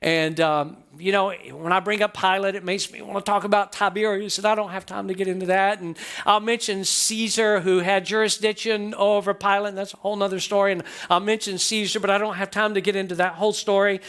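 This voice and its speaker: A man's voice: sits high, level tone, fairly quick, hardly any pauses, a bit bright, smooth. A man pastor preaching a storytelling sermon in a church, reading a quoted passage aloud and regularly checking in with the congregation. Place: church sanctuary.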